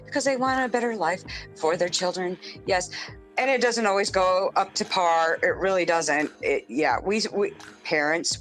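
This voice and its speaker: A lively, animated woman hosts a live podcast, her voice swinging widely in pitch and sitting a little low. She chats casually and laughs often, with faint music underneath. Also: low-quality recording. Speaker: podcast host.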